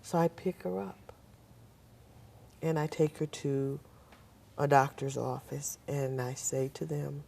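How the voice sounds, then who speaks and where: A woman's voice: deep voice, fairly even intonation, slow pace, creaky, pauses often, darkish tone, a little hiss or hum. An older woman, a guest on a talk show, telling a personal story and acting out the voices of the people in it.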